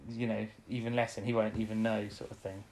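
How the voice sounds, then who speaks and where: A woman's voice: very deep voice, flat delivery, fast, mellow. Rambling woman recapping an episode. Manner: rambling, laughs often, trails off. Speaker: podcast co-host. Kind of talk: casual chat recapping an episode.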